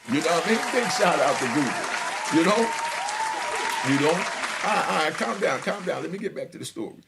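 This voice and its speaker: Gravelly, animated New storyteller man. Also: fairly high pitch, fairly quick, a loud crowd, very noisy. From New York. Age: middle-aged. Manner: animated, swaggering, laughs often, fills with "you know what I mean". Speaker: storyteller sharing prison stories. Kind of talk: casual storytelling.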